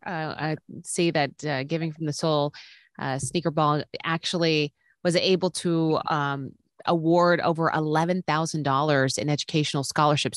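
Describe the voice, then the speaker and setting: A woman co-hosts a radio interview, asking questions with hesitant fillers and warm affirmations. Her voice is very low for a woman. The studio sound is dry and close. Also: no room sound. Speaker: radio co-host.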